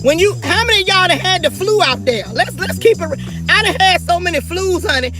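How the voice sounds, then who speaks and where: A woman's voice: very high-pitched, lively intonation, a little fast, music in the background. A middle-aged woman, ranting fierily and profanely on her livestream and talking straight to her viewers. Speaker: livestream host. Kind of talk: livestream rant.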